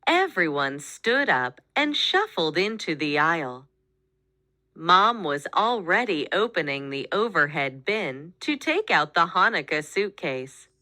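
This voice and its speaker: A woman reading a children's picture book aloud, with expressive, animated storytelling. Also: fairly low pitch, unhurried, no echo, studio quality. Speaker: storybook reader.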